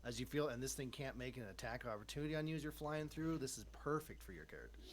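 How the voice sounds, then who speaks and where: A man's voice: medium pitch, expressive, fast talker. A man running a livestreamed tabletop game as dungeon master, upbeat and encouraging toward his players, calling them "dude.".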